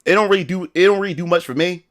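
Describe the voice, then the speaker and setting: A man's voice: high voice, very fast, fairly bright tone. A young man chatting casually on a livestream in a rambling, slangy way, full of restarts and fillers. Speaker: live streamer.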